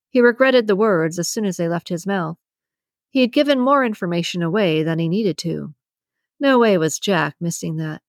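With a voice on the low side and a moderate pace, a woman reads a romance audiobook from a script, keeping her storytelling steady and even. The studio-quality recording has no echo.

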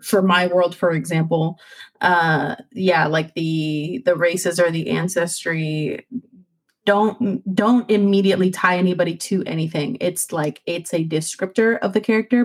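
A woman chatting casually on a podcast, rambling with many "like"s and restarts. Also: fairly low pitch. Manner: rambling, heavy use of "like" and restarts. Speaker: podcast panelist. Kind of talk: casual chat.

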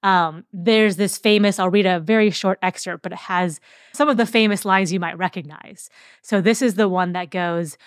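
At a moderate pace, a podcast host explains history in a relaxed, chatty way, now and then using fillers or restarting a sentence. Her pitch is fairly low, and the clean studio recording has no echo.

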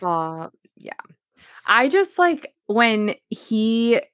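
A woman co-hosting a podcast in casual chat, often chiming in with quick reactions and agreement. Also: fairly high pitch, very animated, fairly bright tone, no echo, clean studio sound. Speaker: podcast co-host.

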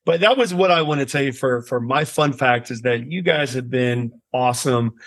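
A man's voice: medium pitch, normal speed. A man hosting a podcast in loose, casual chat, swearing freely and laughing with his co-hosts. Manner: laid-back, swears casually, laughs often. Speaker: podcast host.

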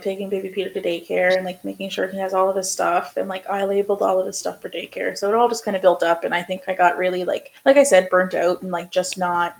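A woman's voice: medium pitch, vocal fry, darkish tone, low-quality recording. A young woman co-hosting a podcast, talking in a rambling casual way with lots of fillers. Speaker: podcast co-host. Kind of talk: casual chat.

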